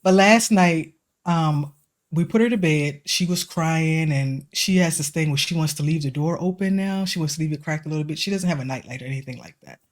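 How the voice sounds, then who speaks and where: A woman's voice: sits low, fairly quick. A woman in her forties co-hosting a podcast, telling personal stories in a chatty way and acting out the voices of people she quotes. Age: 40s. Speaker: podcast co-host. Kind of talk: casual chat.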